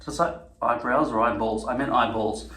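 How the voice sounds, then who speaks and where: A man's voice: medium pitch, moderate pace, sharp tone, slight background noise. A man talking casually to camera, rambling, swearing and correcting himself mid-sentence. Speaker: vlogger. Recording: echoey room.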